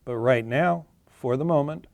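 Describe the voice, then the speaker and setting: Speaking at a measured pace, a man presents charts during a webinar, plainly and with some fillers and self-corrections. His voice is medium-pitched with vocal fry, and there's no echo.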